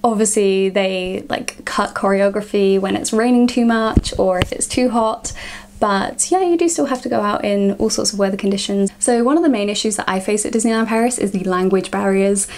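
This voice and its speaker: A woman's voice: mid-range voice, moderate pace, slight background noise. A young woman, chatting casually to camera in a vlog and filling her sentences with "like". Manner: chatty, frequent "like" fillers. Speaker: vlogger.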